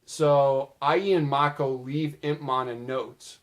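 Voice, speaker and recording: A man's voice: mid-range voice, steady tone, slow. Young man chatting through an anime recap. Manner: chatty, loose retelling with many "uh" and "like" fillers. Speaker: video creator. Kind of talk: casual anime recap commentary.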